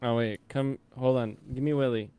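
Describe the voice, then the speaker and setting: A man's voice: medium pitch, fairly even intonation, moderate pace, crowd noise. A man co-hosting a casual chat, joking and teasing, slipping into silly voices. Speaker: podcast co-host.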